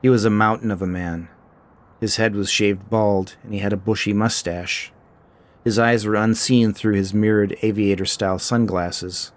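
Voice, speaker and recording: A man narrating a short fiction story in a measured, scripted storytelling style. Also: fairly low pitch, fairly even intonation.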